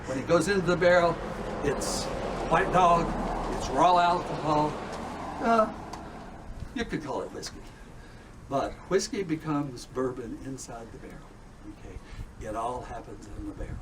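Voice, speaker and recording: A man's voice: fairly high pitch, normal speed, long pauses. A man leading a distillery tour for a group, folksy and chatty, often checking in with the listeners. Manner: folksy, checks in with "okay?" and "all right?". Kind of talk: guided tour talk to a group. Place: distillery warehouse and tasting room. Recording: distant and noisy tour recording.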